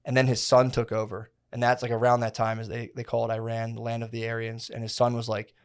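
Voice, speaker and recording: A man's voice: medium pitch, completely flat delivery, fast talker, clear, resonant tone. A man in his thirties co-hosting a casual podcast, telling a long history story with slang, swearing and many restarts. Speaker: podcast co-host.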